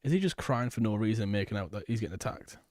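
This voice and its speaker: A man's voice: lowish voice, expressive, fast, darkish tone, dry recording, studio quality. A man giving reaction commentary on clips, blunt and sarcastic, with frequent swearing.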